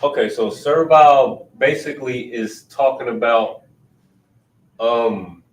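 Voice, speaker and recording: Speaking at a slow pace in a mid-range voice, this man leads an informal Hebrew grammar lesson picked up by a distant mic in a roomy space. He walks through things patiently, one step at a time, reasoning out loud.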